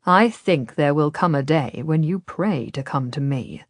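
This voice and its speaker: A woman voicing a smooth, persuasive Ottoman nobleman who speaks quietly and gently in an audiobook. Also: sits low, a little slow, dry recording, pitched below the performer's own voice. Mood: coaxing, ominous.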